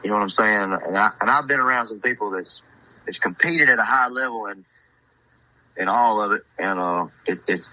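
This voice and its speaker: A man's voice: fairly low pitch, moderate pace, sharp tone, no echo, poor audio. A man in his twenties, a guest who raises hunting dogs, talking in a laid-back, hesitant way with many "you know" fillers. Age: 20s. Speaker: hunting dog handler, guest. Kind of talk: casual podcast chat.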